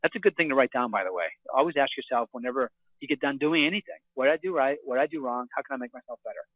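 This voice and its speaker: Male investor guest, rapid salesman patter, tinny phone-line sound. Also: no echo. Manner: energetic salesman pitch with restarts. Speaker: real estate investor guest. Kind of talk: phone interview storytelling. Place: hotel room.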